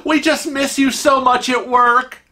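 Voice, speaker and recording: A man voicing an overly familiar middle-aged woman who gushes in a high, breathless voice. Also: fairly even intonation, unhurried, pushed and bright, heavily acted. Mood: gushing. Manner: breathless, high-pitched gushing.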